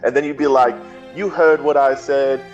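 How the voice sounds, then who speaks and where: A man's voice: medium pitch, steady tone, moderate pace, lo-fi sound, faint music behind, lightly acted. A man voicing a confident young team captain who coaches a friend in a casual, slangy way. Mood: encouraging.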